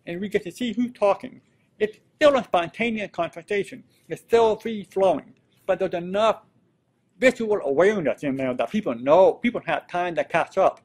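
A man with a somewhat high, husky voice speaks as a panelist. He explains things earnestly and lays out examples step by step. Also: darkish tone. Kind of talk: panel discussion remarks.

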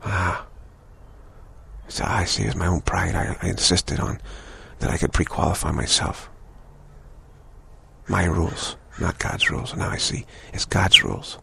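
A male spiritual teacher speaking slowly in a very low voice. His tone is strongly gravelly and creaky. He repeats phrases as he talks. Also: bright, forceful tone, a little hiss or hum. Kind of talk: spiritual talk.

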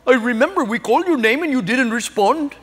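Man doing a calm amused indian-accent gate agent, high voice, echoey hall. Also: brisk, slightly rough, full character voice. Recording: long hall reverb.

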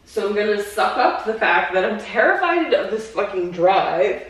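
A woman's voice: mid-range voice, very animated, moderate pace. A young woman vlogging into a handheld camera, rambling anxiously with lots of fillers and swearing. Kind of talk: casual handheld vlog. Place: home, then car. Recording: echoey handheld camera audio.

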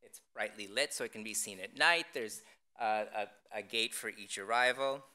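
A man presenting his design work in a public lecture, speaking in a deadpan, wry way with frequent ums and restarts. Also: lowish voice, moderate pace.

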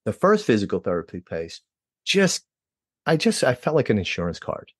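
A middle-aged man from New Jersey, a guest telling his own story in a lively way and acting out quoted dialogue with jumps in pitch. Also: normal speed, husky, dry recording, studio quality. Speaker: interview guest. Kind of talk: personal storytelling.

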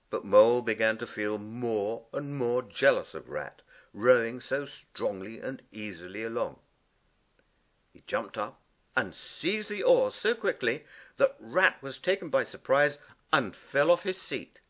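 A man reads a children's storybook aloud at an unhurried pace. His voice rises and falls with a lively melody, leaning into every turn of the tale. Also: mid-range voice. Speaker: narrator. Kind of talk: storybook reading.

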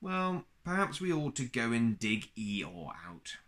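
A man's voice: medium pitch, sing-song, slow pace, a bit bright. A man reading as a polite old owl.

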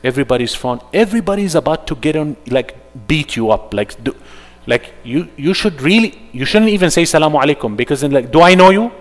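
A man leading an interactive workshop at a mosque, animated, acting out little dialogues and dropping Arabic phrases into his English. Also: on the high side, brisk, few pauses, long reverb tail. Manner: animated, acts out dialogues in put-on voices.

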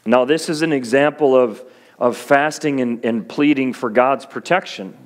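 A man's voice: mid-range voice, moderate pace. A male pastor preaching a sermon in an earnest, encouraging way, with homely humorous asides to his congregation.

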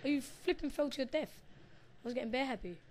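A woman giving live gameplay commentary, excitable and swearing as she shouts at the game. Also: high voice, fast, slight background noise. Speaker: gamer recording her match.

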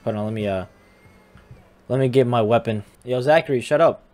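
A man's voice: medium pitch, fairly quick, darkish tone. Teasing young man playing a game. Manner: teasing, talks back to the game characters. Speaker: gamer. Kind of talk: casual game commentary.

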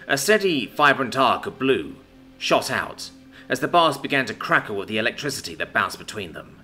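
A man giving a scripted, expressive dramatic reading of a fantasy story. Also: medium pitch, moderate pace, breathy edge, faint music behind. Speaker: story narrator. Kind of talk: scripted narration.

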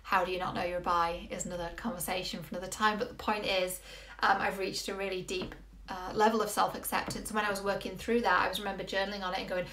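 A woman's voice: mid-range voice, little pitch movement, fast talker, a bit bright. Woman, 30s, relationship coach, earnest, echoey room. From England. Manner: earnest, coaching, many rhetorical questions. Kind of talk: motivational video talk. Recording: roomy echo.

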